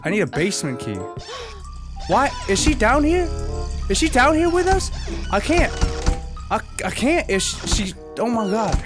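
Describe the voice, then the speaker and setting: A woman playing a horror game with her partner in casual chat, excitable and slangy, yelling warnings. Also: on the high side, moderate pace, pauses often. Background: game music.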